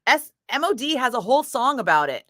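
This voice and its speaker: A woman radio DJ chatting casually between on-air segments, telling stories in an animated way, laughing and swearing freely. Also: on the high side, brisk, no echo. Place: radio studio.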